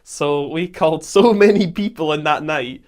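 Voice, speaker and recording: This Scottish podcast host's voice is on the high side, moving at a moderate pace. Telling a camping story, he's casual and lively, voicing quotes and often laughing.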